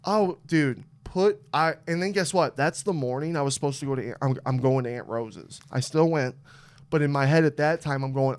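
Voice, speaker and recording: A young man hosting a podcast, telling a story in a lively, animated way, swearing often and acting out what people said. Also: on the high side, moderate pace. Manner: animated, swearing, acts out quotes. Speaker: podcast host. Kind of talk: casual storytelling chat.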